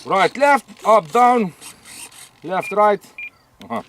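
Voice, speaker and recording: A man with a high, very lively voice talks through a hands-on model plane review, chatty and animated. He keeps tagging his sentences with a quick "eh?", and a faint hum of noise sits under his voice. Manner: chatty, ends phrases with a questioning "eh?". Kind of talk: casual hands-on review chat.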